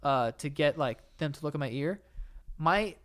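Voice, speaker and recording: A man's voice: a little high, expressive, moderate pace, fairly bright tone. A young man co-hosting a podcast, rambling casually with lots of fillers and swearing. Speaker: podcast co-host. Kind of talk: casual chat.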